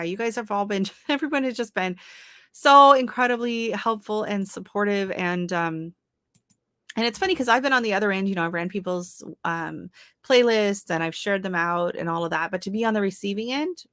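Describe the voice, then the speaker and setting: A woman's voice: medium pitch, moderate pace, a bit bright, clean tone, no room sound. A woman hosting a casual livestream from home, chatting and laughing as she greets viewers and answers their comments. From Canada. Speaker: livestream host.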